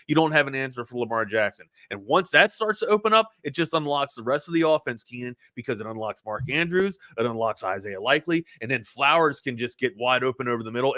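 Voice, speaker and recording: Man, slight Baltimore accent, sports talk co-host, bright tense voice, rambling animated breakdown, dry studio sound. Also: medium pitch, dry recording.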